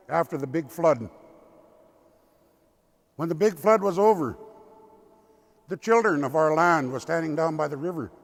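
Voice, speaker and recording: An older man from the Lummi Nation, a tribal elder telling a traditional story in a slow, deliberate way. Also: a little high, vocal fry. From Lummi Nation, Pacific Northwest. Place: cathedral. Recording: long cathedral reverb.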